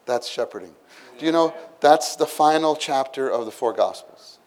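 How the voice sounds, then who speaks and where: A man preaching a sermon, retelling a story with lively acted-out exclamations and asides to the listeners. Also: medium pitch, moderate pace. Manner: animated storytelling, acts out scenes with exclamations.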